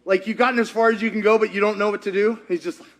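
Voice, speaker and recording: Guy preaching, kinda high voice, acts out all the characters, chatty. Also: very fast. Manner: acts out quotes in character voices, lively and conversational. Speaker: pastor. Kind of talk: animated sermon storytelling.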